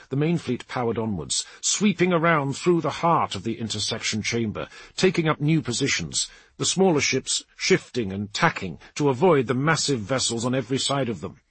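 A man narrating an action audiobook in a dramatic, lively reading. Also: mid-range voice, breathy edge, no room sound. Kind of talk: scripted narration.

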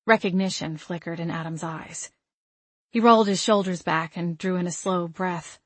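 A woman narrating a first-person novel with an expressive, emotional reading. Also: on the low side, normal speed, breathy edge, no room sound. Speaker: audiobook narrator.

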